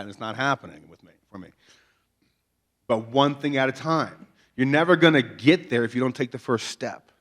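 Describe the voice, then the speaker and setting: A male pastor talks to his congregation in a loose, conversational sermon. He jokes in a folksy way and keeps asking rhetorical questions to pull the room along. His voice sits at an ordinary middle pitch. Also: a bit bright. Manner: folksy, joking, peppers talk with rhetorical questions. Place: chapel before a congregation.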